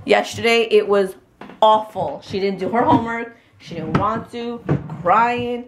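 A woman's voice: medium pitch, measured pace, background noise. A young pregnant woman chatting casually in a vlog, dropping Spanish words into her English talk. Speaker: vlogger.

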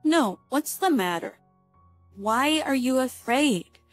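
A woman voicing a protective, gruff elderly grandfather who gives blunt orders, read as a story. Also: sits high, animated, takes it slowly, no room sound, faint music behind.

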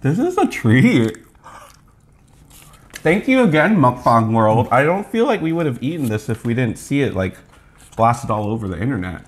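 Man co-host, relaxed eating chat, cheerful and quick to laugh, lively intonation. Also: mid-range voice. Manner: upbeat, laughs often. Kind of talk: casual mukbang chat while eating.

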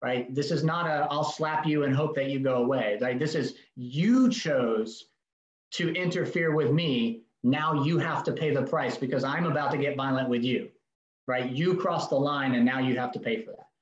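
A man's voice: mid-range voice, moderate pace. Emphatic man teaching a safety class. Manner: direct, emphatic, acts out short exchanges. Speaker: safety instructor. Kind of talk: recorded training seminar. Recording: dull roomy recording.

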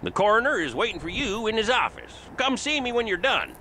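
A man's voice: sits high, big pitch swings, a little fast, bright, forceful tone, slight background noise, heavily acted. A man voicing a folksy, chummy small-town sheriff in a video game, tacking a silly suffix onto his words. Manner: folksy drawl, tacks "erino" onto words. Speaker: game character.

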